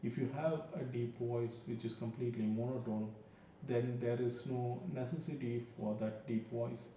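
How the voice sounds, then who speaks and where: A man's voice: mid-range voice, steady tone, normal speed, dark tone, a little hiss or hum. A man hosting a podcast, giving a rambling, loose film review on his own. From India. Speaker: podcast host. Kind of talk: casual solo film review. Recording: very echoey room, mic far off, dull lo-fi sound.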